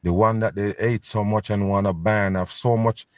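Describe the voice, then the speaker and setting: A man with a fairly low voice comments scornfully on news footage and keeps urging his viewers to pay attention. The sound is dry and close, with no room echo. He talks in a casual, emphatic way, as if letting people in on a secret. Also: steady tone, moderate pace. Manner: scornful, conspiratorial. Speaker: host reacting to news clips.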